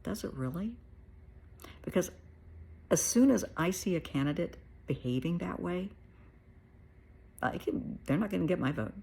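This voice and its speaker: A woman's voice: fairly low pitch, lively intonation, normal speed, creaky, long pauses, dark tone, slightly rough. A middle-aged American woman therapist giving her blunt, plain-spoken opinions in a casual monologue. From United States.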